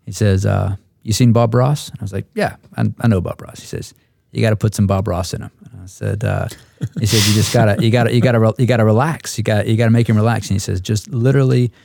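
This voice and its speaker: A man who is an instructor pilot, telling a story at a roundtable in a halting way with many repeated words. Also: on the low side, animated, creaky, darkish tone, no echo, clean studio sound.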